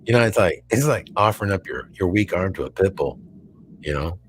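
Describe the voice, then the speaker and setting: A man with a Texan accent co-hosting a live show in casual chat, rambling and halting with many restarts. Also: sits low, expressive, breathy edge.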